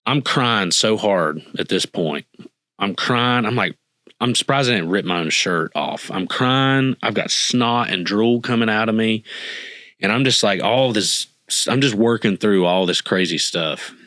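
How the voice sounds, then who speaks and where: A man's voice: lowish voice, lively intonation, measured pace, pushed and bright, no room sound. A man telling an emotional personal story as a podcast guest, earnestly acting out what people said to him. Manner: earnest, emotional, acts out quoted dialogue.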